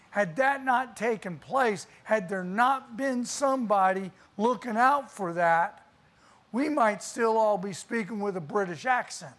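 A preacher delivering a sermon in church, telling a story with dramatic pauses and reading scripture aloud. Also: medium pitch, fairly bright tone.

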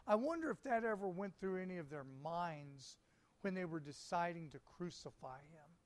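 A man preaching a sermon, reading scripture aloud and speaking with deliberate, emphatic pauses. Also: sits high, expressive.

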